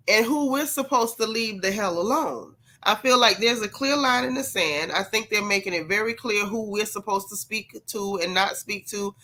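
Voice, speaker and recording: A woman hosts a gossip livestream, speaking straight to her chat and repeating points for emphasis. She sounds congested and sick, her voice on the high side and a bit bright.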